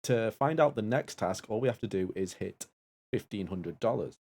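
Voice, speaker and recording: A man co-hosting a live stream, reading out donations in a brisk way. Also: on the low side, animated, a little mellow. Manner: brisk, reads donation lists. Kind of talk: casual live-stream chat.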